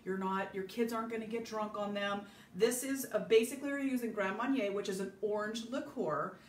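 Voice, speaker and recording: A woman's voice: mid-range voice, brisk, distant mic, slight background noise. Chatty woman filming in an echoey kitchen. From Southern California. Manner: chatty, rambling, greets viewers by name. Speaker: home cook hosting a live baking video. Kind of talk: casual live cooking demo. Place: home kitchen.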